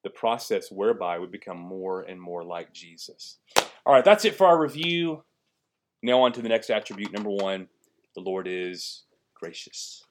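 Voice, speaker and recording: A man's voice: on the low side, big pitch swings, moderate pace. A man in his thirties, a pastor teaching a Bible lesson and asking the listeners questions as he goes. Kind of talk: sermon.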